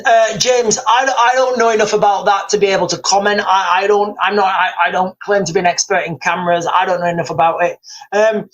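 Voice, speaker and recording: Livestream host, higher voice, rambly, lots of ums, reads chat comments out at his desk mic. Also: fairly bright tone. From United Kingdom. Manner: rambling, hesitant, reads viewer comments aloud.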